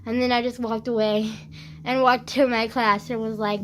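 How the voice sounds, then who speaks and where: A woman's voice: on the high side, little pitch movement, normal speed, a bit bright. A teenage girl vlogging while congested with phlegm, retelling her school day in a dramatic rant full of swearing. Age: teens. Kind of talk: casual rant.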